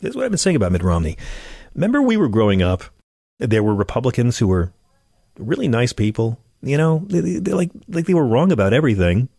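A man's voice: mid-range voice, big pitch swings, quick pace, creaky, mellow, husky, no echo, clean studio sound. A man hosting a comedic political monologue, sarcastic and ranting, stammering as he gets worked up. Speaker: show host.

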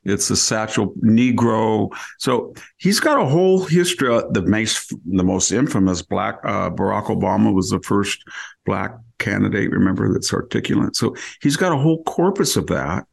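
Low gravelly man arguing on a podcast. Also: expressive, normal speed. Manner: argumentative, asks rhetorical questions; frequent restarts and self-corrections. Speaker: podcast regular. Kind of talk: opinion podcast commentary.

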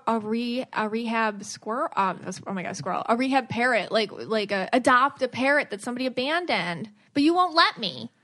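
Chatty, rambling woman podcast host. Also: on the high side. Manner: rambling, animated, with many restarts. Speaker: podcast host and psychic medium. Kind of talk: casual chat.

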